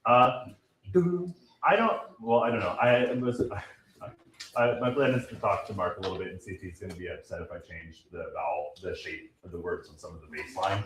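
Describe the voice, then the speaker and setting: A man's voice: low voice, fairly even intonation, fairly quick, fairly bright tone, slight background noise. Choir director guy, upbeat and jokey, singing bits to show the sound, mic kinda far off in a roomy echoey space. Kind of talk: rehearsal instruction. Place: rehearsal room with a choir. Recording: echoey room, far mic, singers around.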